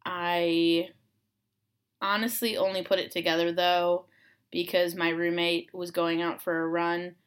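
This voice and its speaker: A woman's voice: on the low side, level tone, measured pace, clean tone. A young adult woman hosting a casual solo chat, rambling with many ums and uhs.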